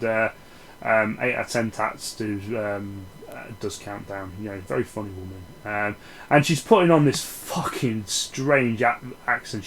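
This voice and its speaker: A man's voice: medium pitch, a little hiss or hum, poor audio. Rambling, sweary man. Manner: rambling, sarcastic and sweary, with many restarts. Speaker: film reviewer. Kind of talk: casual spoken film review.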